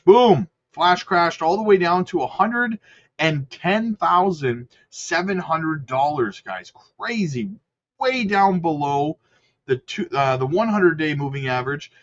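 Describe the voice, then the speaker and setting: A man's voice: a little high, fairly bright tone, lo-fi sound. A man giving casual, chatty market commentary on crypto charts, upbeat and talking straight to his viewers. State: hiccups.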